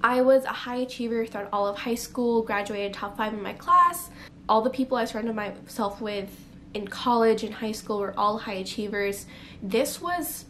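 A woman's voice: mid-range voice, a little hiss or hum. A young woman telling a candid, emotional personal story to camera, close to tears at times and full of fillers. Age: young adult. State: near tears. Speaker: vlogger. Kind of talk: personal confessional vlog.

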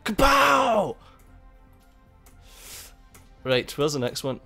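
A man's voice: medium pitch, normal speed. Sweary man commenting on gameplay. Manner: swears a lot, excitable, laughs at the game. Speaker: gaming YouTuber. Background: faint game music.

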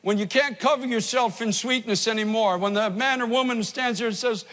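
Impassioned high-voiced male preacher. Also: brisk, hardly any pauses, long reverb tail. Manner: impassioned, swells from hushed to loud. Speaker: pastor. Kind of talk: sermon.

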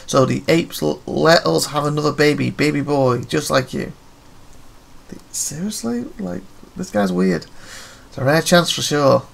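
A man reads the lines of a detective game out loud and drops in offhand remarks between them. His voice is rough and full of vocal fry. It sits slightly higher than most men's. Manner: reads characters' lines aloud, breaking off into offhand asides. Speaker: let's play gamer. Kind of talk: reading game dialogue aloud with casual commentary.

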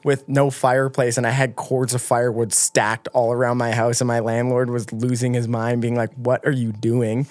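Young dude on a podcast, chatty, lots of "like", dry close mic. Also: male voice, medium pitch, normal speed, few pauses, no room sound. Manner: animated, lots of filler words, acts out quotes. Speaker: guest snowboarder. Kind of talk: casual storytelling. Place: podcast studio.

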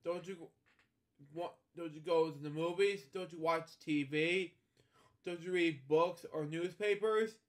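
An indignant male cartoon duck, exasperated and fussy, as a man reads him aloud. The voice sits a little high. It sounds like a children's storybook reading. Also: unhurried, lightly acted.

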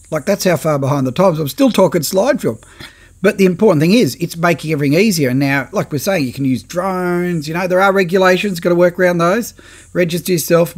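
A middle-aged man with an Australian accent, hosting a casual podcast monologue in a chatty, animated way and slipping into quick impressions of people he has met. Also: fairly high pitch, breathy edge. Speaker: podcast host, fishing photographer.

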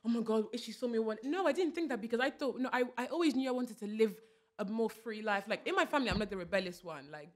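Podcast co-host: quick-talking woman, lively storyteller, slightly high voice. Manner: animated, restarts often, quotes her mum in voices. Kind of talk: casual chat.

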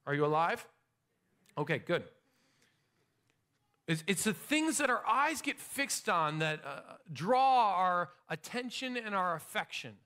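A middle-aged man preaching a sermon as pastor in a church, energetic and conversational, with rising emphasis. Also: sits high, unhurried, pauses often. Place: church sanctuary.

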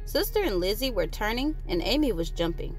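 A woman reading a children's picture book aloud, with expressive delivery and lively character voices. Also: medium pitch, fairly quick, faint music behind. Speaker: storyteller.

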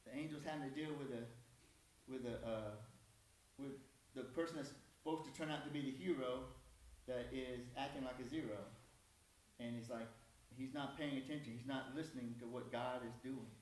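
A man's voice: mid-range voice, fairly even intonation, moderate pace, a little mellow, slight background noise. A man preaching a conversational sermon in a church, folksy and self-deprecating. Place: church sanctuary. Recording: echoey church hall from far off.

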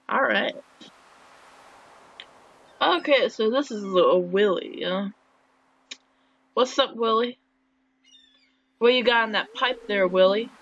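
A woman's voice: mid-range voice, breathy edge. A woman giving casual let's-play commentary, chatty and wry, with joking asides as she plays. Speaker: game player. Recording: dull lo-fi with faint hiss.

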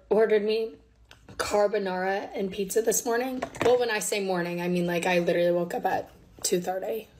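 A woman's voice: mid-range voice, darkish tone, slight background noise. A young woman in her twenties, hungover, chatting casually and swearing a lot while doing her makeup for a vlog. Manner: hungover and swearing, rambling with lots of "like". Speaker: vlogger. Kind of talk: casual get-ready-with-me vlog. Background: music.

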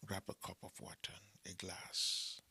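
A pastor preaches a sermon in a sharp-toned, somewhat slow voice, telling stories and asking for money with humor. He repeats short phrases for emphasis.

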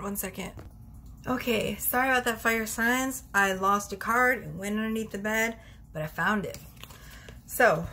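A woman tarot reader talking casually to the camera from her bedroom, chatty and quick to laugh as she pulls cards. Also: medium pitch, pushed and bright, a little hiss or hum. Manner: chatty, laughs often, talks straight to viewers. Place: bedroom at home.

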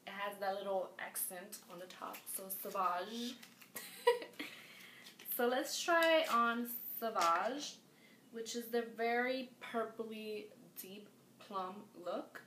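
Female beauty vlogger, gushing and repetitive, slow deliberate pace, roomy echo with faint noise. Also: medium pitch. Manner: gushing, excitable, repeats herself. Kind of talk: casual makeup review. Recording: echoey room with faint background noise.

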